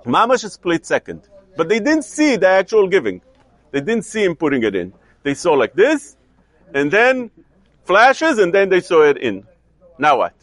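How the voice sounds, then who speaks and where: Male lecturer, lively and questioning, dry close sound. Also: high-pitched, moderate pace, no room sound. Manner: animated, questioning, mixes Hebrew and Yiddish terms. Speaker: Torah teacher. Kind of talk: Talmudic lecture.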